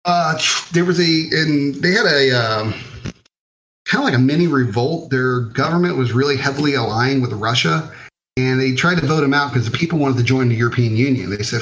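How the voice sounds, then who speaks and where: A man's voice: mid-range voice, fairly quick, fairly bright tone, poor audio. A man from the United States, an army veteran, telling war stories in a casual, profane, laid-back way on a podcast. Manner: profane, laid-back storytelling with frequent fillers. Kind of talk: casual storytelling interview.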